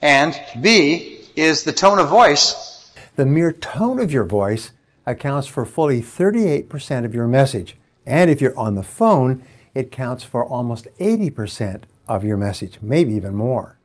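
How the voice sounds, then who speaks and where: Man giving a measured self-help talk. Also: medium pitch, big pitch swings. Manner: measured, explanatory, stresses key words. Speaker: motivational speaker.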